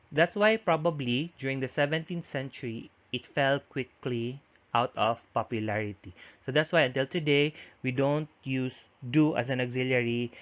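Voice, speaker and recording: A man's voice: mid-range voice, fairly bright tone. Man giving a lo-fi recorded lecture. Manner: explanatory, with frequent restarts. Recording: dull lo-fi audio.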